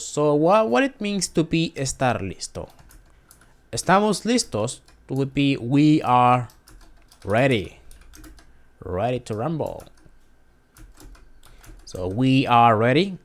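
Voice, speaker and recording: A man's voice: mid-range voice, very animated, takes it slowly. A man hosting a casual beginner Spanish lesson, hesitant, repeating phrases and correcting himself. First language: not Spanish. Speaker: language video host. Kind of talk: casual screen-share lesson.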